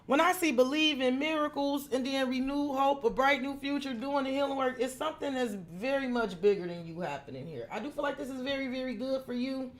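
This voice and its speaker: A woman's voice: high voice, a little fast, few pauses, slight background noise. A woman giving a live-stream tarot reading, chatty and frank, swearing freely and talking straight to viewers by name. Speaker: tarot reader.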